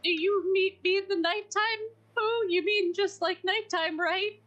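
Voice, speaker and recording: A woman's voice: extremely high pitch, fairly even intonation, unhurried, fairly bright tone, dull audio, pitched above the performer's own voice. A woman voicing a nervous little pig who stammers and frets. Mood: timid. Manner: stammering, flustered. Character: timid nervous little pig, anxious and fretful.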